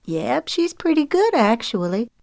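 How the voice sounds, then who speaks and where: A woman's voice: on the high side, sing-song, measured pace, vocal fry, a little mellow, dry recording, pitched above the performer's own voice, heavily acted. A woman reading the part of a frank, coaxing middle-aged mother in an audiobook, in a dry recording.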